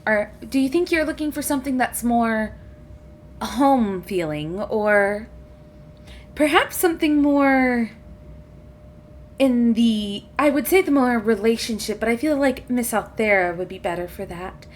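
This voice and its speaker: Woman game master, higher register, playful narration with a faint ambient hum behind her. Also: lively intonation, measured pace. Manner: playful, plays non-player characters.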